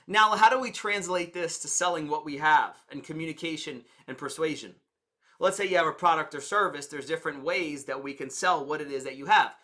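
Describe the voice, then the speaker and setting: A man's voice: on the high side, brisk, sharp tone. A man teaching communication and sales in a conversational way, explaining with stories and examples. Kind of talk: teaching talk to camera.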